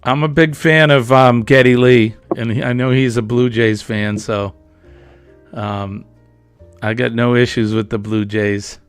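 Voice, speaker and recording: A man with a Boston accent hosting a live stream, chatting casually in a relaxed, drawn-out way. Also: mid-range voice, smooth, no room sound, faint music behind. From New England. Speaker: livestream host. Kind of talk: casual chat.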